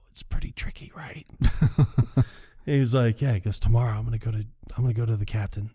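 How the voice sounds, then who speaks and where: A man on a podcast, casually retelling movie scenes and acting out the lines with quick laughs. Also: lowish voice, mellow. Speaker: podcast co-host. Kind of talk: casual movie recap chat.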